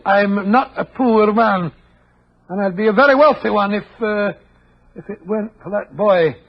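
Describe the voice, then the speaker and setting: An actor playing Dr. Watson in disguise with a put-on Scottish accent, stammering and hesitant, in a 1940s radio play. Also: male voice, high-pitched, normal speed, husky. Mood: scheming. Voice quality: hesitant, bumbling, full of stammers. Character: Dr. Watson posing as a Scottish guardian. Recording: dull old radio recording.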